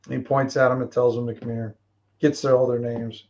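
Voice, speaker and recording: A man narrating as game master of a tabletop game in a relaxed, rambling way. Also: medium pitch, a little fast, highs cut off.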